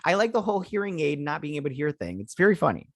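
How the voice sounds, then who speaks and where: A man's voice: on the high side, sing-song, rapid-fire, vocal fry, dry recording, clean studio sound. A man hosting a casual episode recap, rambling with lots of fillers as he retells scenes. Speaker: host.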